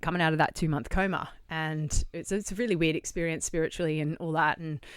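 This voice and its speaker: A woman's voice: low-pitched, steady tone, a little fast, clear, resonant tone, no room sound, studio quality. An Australian woman talking as a podcast guest, candid and blunt, swearing casually as she tells her story. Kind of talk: candid interview conversation.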